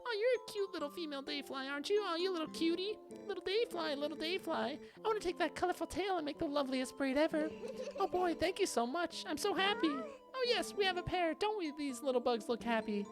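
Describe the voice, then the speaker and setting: A woman's voice: extremely high pitch, lively intonation, fairly quick, music in the background, pitched above the performer's own voice. A woman voicing an eccentric, girlish princess obsessed with bugs, who reads her lines with a doting, gushing coo. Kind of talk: reading game dialogue aloud in character.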